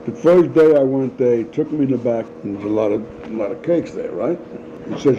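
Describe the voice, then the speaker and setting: A man's voice: mid-range voice, brisk. An older man, telling stories as the interviewee and acting out the voices of the people in them. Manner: animated storyteller acting out voices, laughs often. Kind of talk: storytelling. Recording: dull lo-fi home recording with faint noise.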